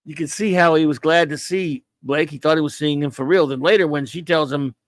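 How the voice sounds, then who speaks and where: Man, casual chat, rambling and eager, slightly high voice, dry close sound. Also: fairly even intonation, fairly quick, no echo. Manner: rambling and enthusiastic, acts out quoted dialogue.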